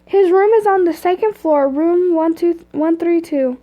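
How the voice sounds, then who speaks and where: A woman's voice: measured pace, lo-fi sound. A woman voicing a polite woman secretary with a slight Scottish accent, sitting at a front desk in a read-aloud story. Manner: polite, higher and brighter than her narration.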